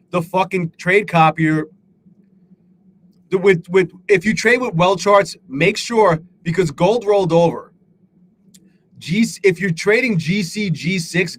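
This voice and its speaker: Slight background noise accompanies this man's high, somewhat bright voice as he hosts a live trading stream. Profane and self-critical, he rambles along and greets chatters by name.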